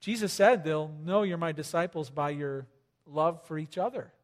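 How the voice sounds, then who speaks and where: A man's voice: on the high side, normal speed. A man preaching a sermon in a chatty, joking way, pushing hard for emphasis. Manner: conversational, joking, rising to loud emphasis. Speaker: pastor. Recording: long hall reverb.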